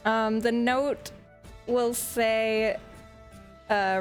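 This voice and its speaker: A woman's voice: fairly high pitch, little pitch movement, drawn-out words, long pauses, soft background music. A woman narrating a tabletop game as game master in a casual, rambling way, sometimes searching for words.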